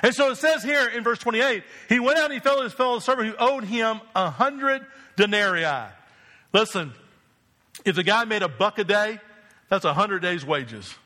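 High, bright-voiced preaching man. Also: lively intonation, moderate pace. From New Jersey. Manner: emphatic, with rhetorical questions to the congregation. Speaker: pastor. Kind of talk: sermon.

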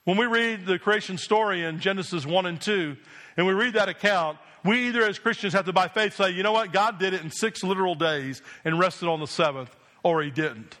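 A man's voice: sits high, fairly quick, bright, forceful tone. A male pastor preaching a sermon in a church, emphatic and insistent, punctuating points with "Amen?". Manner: emphatic preaching with repeated call-and-response "Amen?".

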